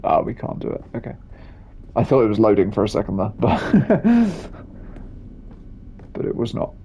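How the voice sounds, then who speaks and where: Quiet, gravelly gaming man. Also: on the low side, huge pitch swings, moderate pace, highs cut off, a little hiss or hum. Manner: quiet, mumbled asides. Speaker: game player. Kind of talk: casual let's-play commentary.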